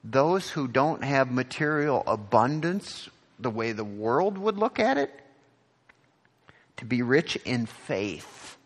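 Male pastor, unhurried sermon delivery, earnest and repetitive, hall reverb. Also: big pitch swings. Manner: earnest, repeats words, rises in pitch on questions.

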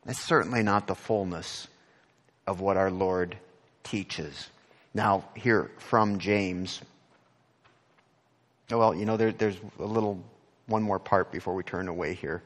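A man's voice: unhurried, long pauses, big-room sound. A man preaching a sermon as pastor, earnest and repeating his words as he reads from scripture. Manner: earnest, repeats words, rises in pitch on questions.

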